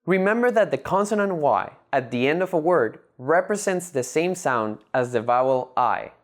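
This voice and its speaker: A language teacher giving a scripted lesson narration, measured and methodical, breaking words into syllables. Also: mid-range voice, animated.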